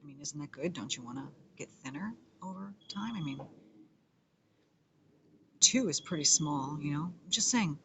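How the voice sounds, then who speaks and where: A playful, self-mocking comedian and musician rambles through a casual monologue, often dropping into whispers. The voice has a gravelly, fry-laden texture at a middle pitch, with faint noise behind it. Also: animated, normal speed, pauses often, sharp tone.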